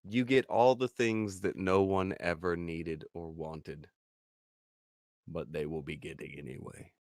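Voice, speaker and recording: A man's voice: sits low, fairly even intonation, a little slow, darkish tone, dry recording, clean studio sound. Man hosting a casual stream. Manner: casual, reads chat comments aloud. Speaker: host.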